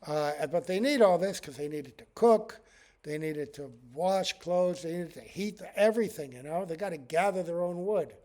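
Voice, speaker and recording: A man's voice: a little high, animated, normal speed, a little mellow. A man, a monk, giving a devotional scripture class in a conversational way, chuckling often and using many fillers.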